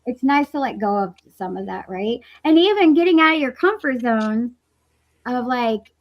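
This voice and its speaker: A woman talking casually in a group discussion. Her voice sits a little high. She speaks in loose, animated bursts, trailing off, restarting, and dropping in the odd curse word. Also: moderate pace, muffled recording. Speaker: roundtable participant. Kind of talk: casual roundtable chat.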